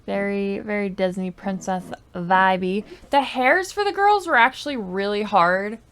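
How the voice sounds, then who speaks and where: A woman YouTuber giving casual, rambling commentary on her game, full of likes and I don't knows, sometimes dropping to soft muttered asides into a desk microphone. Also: mid-range voice, unhurried, clear, resonant tone. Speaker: gaming YouTuber.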